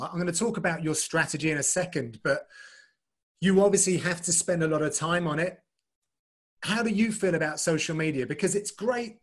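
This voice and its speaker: A man hosting a relaxed conversation who rambles, restarts his sentences and laughs easily. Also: fairly high pitch. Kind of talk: casual chat.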